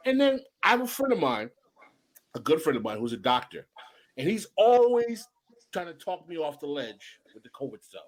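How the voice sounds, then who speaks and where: Speaking at normal speed in a slightly high voice, a middle-aged man hosts a casual podcast chat. He tells stories animatedly, making his points with emphasis and repeating them.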